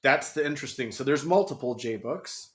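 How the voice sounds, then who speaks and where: A man's voice: medium pitch, expressive, brisk, fairly bright tone. Chatty man guest in a roomy space. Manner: chatty, storytelling, laughs often. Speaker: podcast guest. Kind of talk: casual podcast chat.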